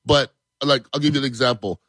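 A man's voice: mid-range voice, fairly quick, no echo. Man telling locker room stories on the radio. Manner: animated anecdotes with quoted voices. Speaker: guest, former football player. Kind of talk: casual radio talk, storytelling. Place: radio studio.

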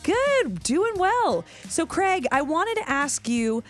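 A woman co-hosting a radio show, asking the caller questions in a lively, teasing manner. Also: very high-pitched, slow, soft background music.

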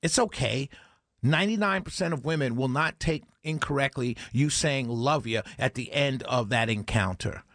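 A man's voice: medium pitch, normal speed, a bit bright, no room sound. A man hosting a talk radio show, preaching in a monologue full of rhetorical questions and repeated phrases. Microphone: studio microphone.

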